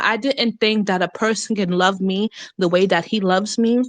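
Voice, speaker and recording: An earnest woman speaks warmly and casually, thanking her coach in a heartfelt testimonial. Her voice sits at a middle pitch. The sound is very dry and close. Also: fairly even intonation, moderate pace, hardly any pauses, no room sound. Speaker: caller giving a testimonial.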